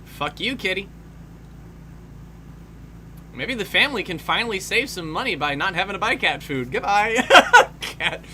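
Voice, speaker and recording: A man's voice: sits high, lively intonation, measured pace, pauses often, pushed and bright, slight background noise. A man giving casual film commentary, swearing freely and laughing often.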